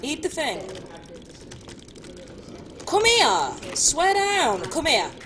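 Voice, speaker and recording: A woman commentating her own live gameplay stream, excitable and often shrieking or laughing at the game. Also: high-pitched, very slow, noisy background. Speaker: game studio presenter. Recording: music playing behind.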